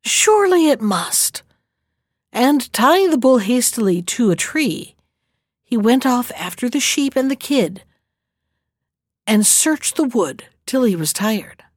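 A woman narrating a storybook tale in a steady, measured way. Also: fairly high pitch, no room sound, studio quality. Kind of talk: storybook reading.

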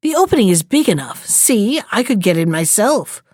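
A woman's voice: mid-range voice, big pitch swings, normal speed, darkish tone, dry recording, studio quality. A woman voicing a cruel old witch in a storybook reading, with a jeering, scolding manner.

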